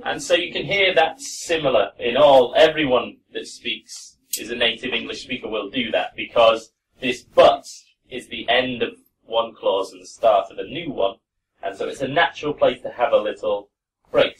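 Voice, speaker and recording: A man's voice: medium pitch, moderate pace, slight background noise. Encouraging male pronunciation teacher, distant mic. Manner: relaxed, encouraging. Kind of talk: classroom teaching. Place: classroom with students. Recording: voice from far off.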